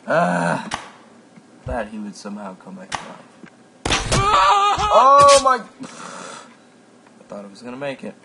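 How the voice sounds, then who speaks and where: Excitable gravelly guy narrating a game. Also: fairly low pitch, brisk. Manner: excitable, yelps and exclamations at the game. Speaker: gameplay commentator. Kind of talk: casual let's-play commentary. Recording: noisy home mic recording.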